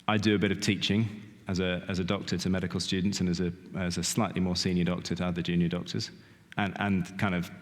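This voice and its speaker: A middle-aged man giving a sermon in a church, talking in a conversational way, often asking "okay?" and saying "kind of". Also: sits low. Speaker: lay preacher. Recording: long reverb of a church hall.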